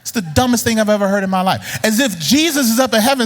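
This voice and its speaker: A male preacher delivering a blunt, teasing sermon that swings from low muttering to high outbursts. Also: animated, quick pace, hardly any pauses, big-room sound.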